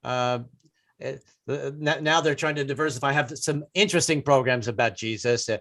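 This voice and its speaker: A man's voice: medium pitch, moderate pace, fairly bright tone. A middle-aged man doing a stand-up set over a video call, joking and rambling with stammered restarts. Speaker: stand-up comedian.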